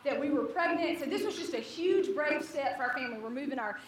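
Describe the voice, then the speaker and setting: A young woman telling a funny personal story to a live audience, animated and laughing as she acts out the people in it. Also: high-pitched, fast, a crowd in the background. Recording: echoey hall, distant mic, audience.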